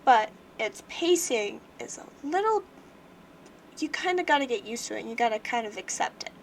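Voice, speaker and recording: Young woman streamer, higher-pitched voice, chatty and rambling, faint background hiss. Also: lively intonation, moderate pace. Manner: chatty, rambling, many fillers and restarts. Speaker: livestream host. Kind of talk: casual book review chat.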